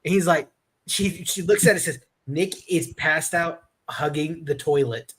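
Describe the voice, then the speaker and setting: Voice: mid-range voice, moderate pace, fairly bright tone, breathy edge. A stream panelist in casual chat, telling stories in a rambling way and restarting sentences.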